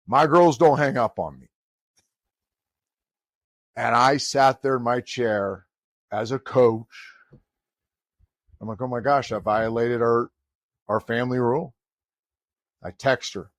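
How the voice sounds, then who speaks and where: A man's voice: mid-range voice, slow, pauses often, no room sound, studio quality. A middle-aged man, a college volleyball head coach, telling a story in a podcast conversation and acting out the people he quotes. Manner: animated storyteller who acts out quoted dialogue.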